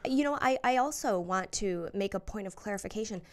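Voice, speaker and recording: A woman's voice: mid-range voice, expressive, fairly quick, a little mellow. A woman co-hosting a podcast interview, eager and asking clarifying questions. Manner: enthusiastic, inquisitive. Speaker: co-host.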